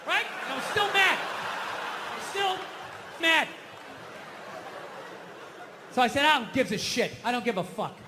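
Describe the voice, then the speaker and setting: A middle-aged man doing a stand-up comedy set on stage, ranting loudly and swinging from low mutters to yells. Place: comedy stage in a large venue. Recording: reverberant hall, faint noise.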